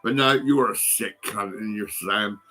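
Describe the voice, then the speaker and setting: A man's voice: on the low side, a little slow, bright, forceful tone, husky. An older British man with a British accent in an angry, rambling vlog rant, swearing, threatening and mocking someone, recorded on a phone. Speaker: vlogger.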